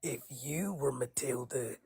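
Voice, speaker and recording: Co-host, woman with a very low, raspy voice and sarcastic wit. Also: a little slow, warm tone. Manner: sarcastic, playful. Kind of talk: casual chat.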